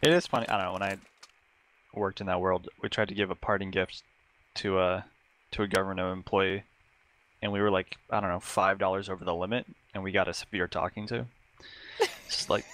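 Deep-voiced man with dry remarks. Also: fairly even intonation, fairly quick, a bit bright. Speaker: player in a team shooter game. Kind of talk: casual chat during gameplay.

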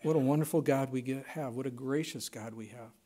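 A man preaching a sermon as pastor, swinging from loud emphatic lines to hushed, near-whispered ones. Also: mid-range voice, fairly quick.

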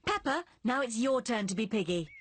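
A woman voicing a kind, sensible mother pig in a children's cartoon, talking in a gentle, patient, encouraging way. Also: a little high, big pitch swings, fairly quick, slight background noise. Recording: music behind the voice.

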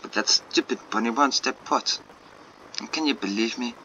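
A man's voice: medium pitch, moderate pace, bright, forceful tone, muffled recording, a little hiss or hum. A man putting on a haughty painter with a mock French accent. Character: fussy eccentric male painter, proud.

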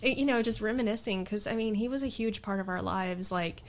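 A woman guest on a podcast, chatting casually and telling lively stories, often laughing and acting out what people said. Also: mid-range voice, fairly quick. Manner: animated, laughs often, quotes herself and others in stories. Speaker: podcast guest and radio show host. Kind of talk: casual storytelling chat.

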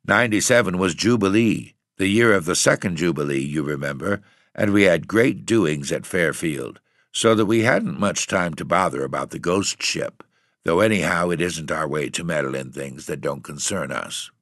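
Guy reading a ghost story out loud, steady, gravelly low voice. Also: normal speed, no echo, clean studio sound. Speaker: audiobook reader.

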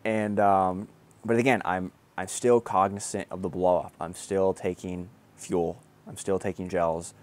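A young man, a triathlete, telling his race story in a casual, excited way, laughing often and swearing now and then. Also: low-pitched, a little slow.

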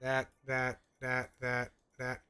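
A man's voice: mid-range voice, completely flat delivery, slow, sharp tone, smooth. A man playing a video game, giving a casual muttered play-by-play with the odd swear word into a desk microphone. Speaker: gaming channel host. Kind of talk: let's play commentary.

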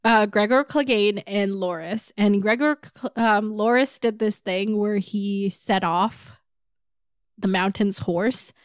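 A woman co-hosting a podcast, retelling book scenes in casual chat, laughing often and dropping into quick quotes. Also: medium pitch, clear, resonant tone, no echo, clean studio sound. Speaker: podcast co-host.

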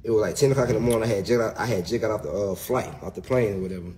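A man's voice: lowish voice, rapid-fire, dark tone, a little hiss or hum. Profane, emphatic man ranting on a livestream. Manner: profane, emphatic, keeps saying bro. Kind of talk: casual livestream rant.

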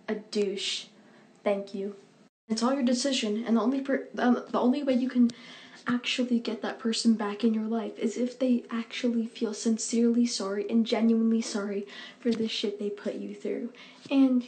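A woman's voice: a little high, darkish tone, a little hiss or hum. A young woman giving an earnest, rambling, impassioned monologue into her phone, swearing often. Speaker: social media poster.

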